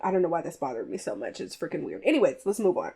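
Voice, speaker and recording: A woman hosting a podcast, casually recapping a movie in a chatty, animated way with playful jabs. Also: fairly low pitch, racing, vocal fry, slightly rough. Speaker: podcast host reviewing a film. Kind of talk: casual chat.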